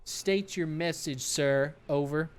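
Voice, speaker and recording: A man's voice: fairly high pitch, slow. A man voicing an old male police radio dispatcher with a rattly voice, clipped radio codes and a formal "over". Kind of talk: voicing game dialogue.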